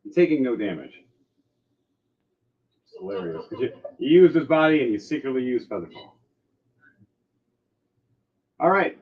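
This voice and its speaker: A man running a tabletop game as game master, narrating in an animated way and acting out sound effects. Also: medium pitch, moderate pace, long pauses, narrow, tinny audio.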